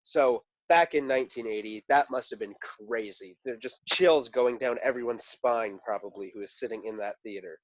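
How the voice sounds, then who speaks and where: A man's voice: medium pitch, moderate pace, hardly any pauses, no room sound, low-quality recording. A man co-hosting a podcast, sharing his opinions on a film in earnest, enthusiastic casual talk. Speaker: podcast co-host. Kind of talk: casual movie discussion.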